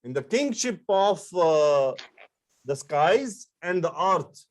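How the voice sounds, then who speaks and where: Man teaching grammar, slightly high voice. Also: big pitch swings, a little hiss or hum. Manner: explains step by step, repeating terms; halting with fillers and restarts. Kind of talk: online-style grammar lecture.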